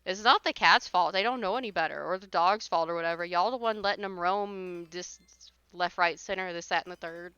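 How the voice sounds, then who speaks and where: Bright, crisp-voiced woman ranting. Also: fairly low pitch, a little fast, dry recording, muffled recording. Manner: exasperated ranting, blunt, swears. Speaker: livestreamer. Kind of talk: casual chat while gaming.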